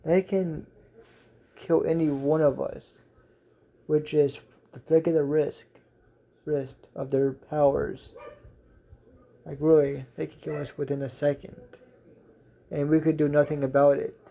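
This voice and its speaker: A man's voice: a little high, little pitch movement, unhurried, vocal fry, pauses often, dark tone. A man voicing an anxious, fearful teen schoolgirl in a read-aloud fan story, speaking in a worried, earnest way in a near-everyday voice.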